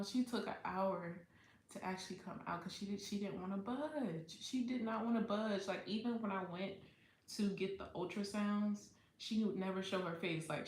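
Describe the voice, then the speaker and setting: A woman's voice: mid-range voice, normal speed, roomy sound, slight background noise. A woman hosting a livestream, telling a personal story in a candid, profane way and laughing often. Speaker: livestream host. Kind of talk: casual storytime chat.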